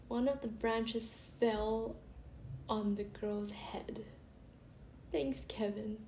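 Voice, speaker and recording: A woman's voice: fairly high pitch, warm tone. A young woman vlogger casually reading funny stories aloud, chatty and giggly, often breaking off to laugh. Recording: echoey room with faint hiss.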